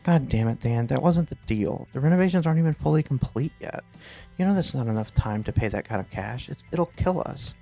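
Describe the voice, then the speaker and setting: A man's voice: medium pitch, expressive, fairly quick, gravelly, dark tone, faint music behind. A man voicing a fiery, defiant record store owner who bursts out angrily at a landlord. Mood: furious. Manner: angry, defiant outbursts.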